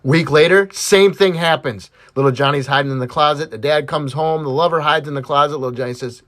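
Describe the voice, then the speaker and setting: A man's voice: on the high side, brisk, few pauses, fairly bright tone. A man telling crude jokes to his family, acting out the characters' voices and laughing at his own punchlines. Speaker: joke teller.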